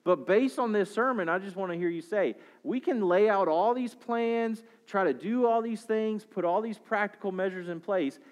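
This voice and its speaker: A man's voice: sits high, moderate pace, few pauses. A man preaching a sermon as a pastor, explaining scripture with rhetorical questions and shifting pace and volume.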